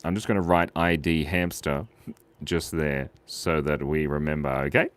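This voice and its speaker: A man, livestreaming as he draws. He chats playfully with viewers, reads out their names and gives shout-outs, and drops to a soft murmur while he draws. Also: a bass voice, fairly even intonation, moderate pace, dry recording. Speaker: streamer drawing live for viewers. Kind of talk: chatty live-stream drawing commentary.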